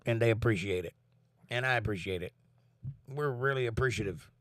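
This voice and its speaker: A relaxed, earnest livestream host speaks about faith from his home and reads viewers' chat messages aloud. His mid-range voice moves a little fast, and the recording is dry.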